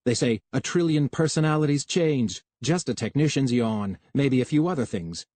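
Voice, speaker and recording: A man voicing a curt, quick-tempered young technician. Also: medium pitch, expressive, dry recording, lightly acted. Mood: angry. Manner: curt, sharp, bitter.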